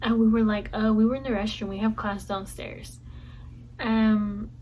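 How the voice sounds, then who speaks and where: A woman's voice: on the high side, little pitch movement, moderate pace, a little mellow, poor audio. A young woman vlogger telling a rambling school story in casual storytime style, repeating herself as she goes. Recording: faint background noise.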